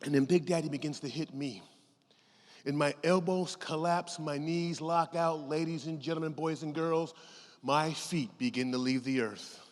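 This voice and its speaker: A middle-aged man giving a lively motivational talk on a conference stage. He tells his story with big swings in pitch and volume, acting out the other voices as he goes. His voice is fairly high for a man, and the big hall adds a long reverb. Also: moderate pace. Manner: animated, acts out voices, laughs often. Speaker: keynote speaker.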